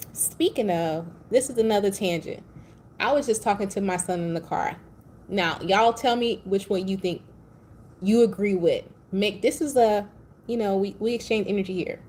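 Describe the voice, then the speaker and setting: A woman's voice: medium pitch, a little mellow. Blunt, profane woman reading tarot cards. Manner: blunt, profane, chatty and playful. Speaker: tarot reader. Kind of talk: casual tarot reading with tangents. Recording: faint background noise.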